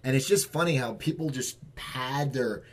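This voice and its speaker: Husky man hosting a casual chat. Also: mid-range voice, moderate pace. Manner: conversational, loose questions with restarts. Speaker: interview host, comedian.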